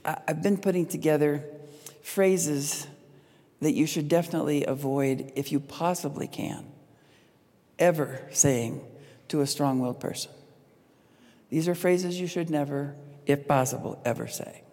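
A woman's voice: low-pitched, unhurried. Middle-aged woman speaking in a reverberant hall. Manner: lively storyteller, acts out quoted lines with laughs. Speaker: speaker on parenting and relationships. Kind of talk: speaking to an audience.

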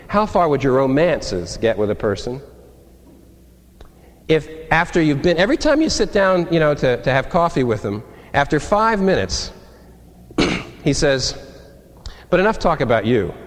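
Male pastor, sermon delivery, expressive pitch, echoing sanctuary. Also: measured pace, long pauses. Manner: animated, conversational preaching with acted-out quotes. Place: church sanctuary. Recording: long reverb of a large hall.

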